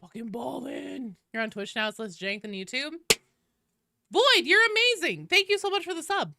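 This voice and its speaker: A tired woman streaming a game, greeting chat by name in animated, casual talk, with some swearing. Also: sits high, moderate pace, noisy background. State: sleep-deprived and tired.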